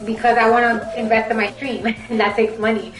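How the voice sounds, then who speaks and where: A young woman with a heavy Bronx Puerto Rican accent chats and rambles straight to her stream viewers, her voice pitched a little high. Spanish was her first language. The room is echoey, with faint music playing behind her. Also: little pitch movement, fairly quick. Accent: Bronx Puerto Rican New York. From Bronx, New York. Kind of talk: casual live-stream chat.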